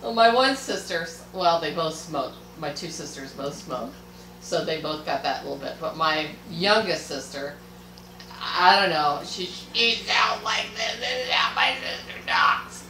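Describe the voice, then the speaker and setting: A woman's voice: fairly low pitch, lively intonation, measured pace, bright, forceful tone, distant mic, slight background noise. A chatty, giggly woman co-hosting a casual chat, sounding a bit off-mic. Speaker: co-host. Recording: roomy and off-mic.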